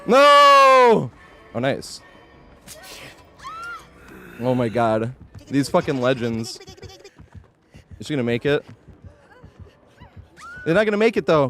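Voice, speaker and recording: A man talks through his live gameplay stream, with a voice that leaps up and down in pitch. He is chatty and excitable, yelling at the game and then apologizing for it. He thanks viewers between plays. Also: unhurried, pauses often, soft background music.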